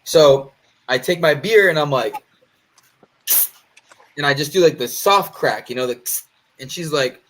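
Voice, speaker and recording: A man's voice: a little high, unhurried, pauses often, a little hiss or hum. A man casually telling a long story to friends on a podcast. He swears freely and acts out the other people's lines. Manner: animated, profane, acts out quoted voices. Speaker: podcast co-host.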